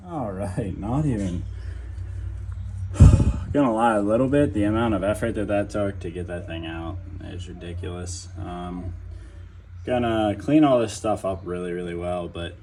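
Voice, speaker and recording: A man with a fairly low voice talks viewers through a truck repair in a garage. His delivery is casual and loose, full of fillers, and there is a faint noise behind him. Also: normal speed, a little mellow. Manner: chatty, loose, addresses viewers as guys, many fillers. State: out of breath at times. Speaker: DIY mechanic. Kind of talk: casual how-to narration while working. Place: home garage.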